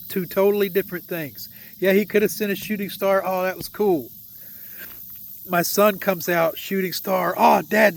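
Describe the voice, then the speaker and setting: High-pitched guy telling his story slow and heartfelt, real earnest. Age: adult with a young son. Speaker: vlogger sharing a faith testimony. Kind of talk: personal storytelling.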